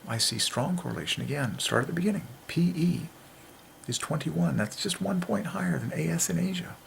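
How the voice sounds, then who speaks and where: A man hosting a religious monologue, excitedly working through letter counts and dropping into whispers to stress a point. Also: fairly high pitch, brisk, creaky, slight background noise. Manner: excitable, drops into whispers for emphasis. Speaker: channel host.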